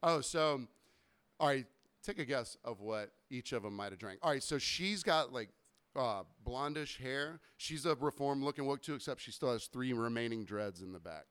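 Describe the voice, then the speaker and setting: A man's voice: medium pitch, normal speed, a bit bright, clean tone. A young man co-hosting a casual podcast chat, telling anecdotes, laughing often and acting out the people he quotes. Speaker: podcast co-host.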